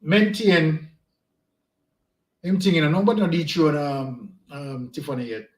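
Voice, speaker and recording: A man's voice: fairly high pitch, moderate pace. A man co-hosting a trivia live stream, announcing scores and greeting viewers in an easygoing way. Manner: loose, easygoing delivery with warm greetings. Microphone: home desk mic. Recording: roomy echo.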